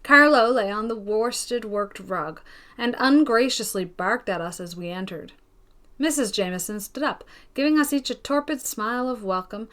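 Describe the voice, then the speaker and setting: A woman reading a classic novel aloud in an even, gentle storytelling manner. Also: mid-range voice. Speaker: narrator of an audiobook. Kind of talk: scripted audiobook narration.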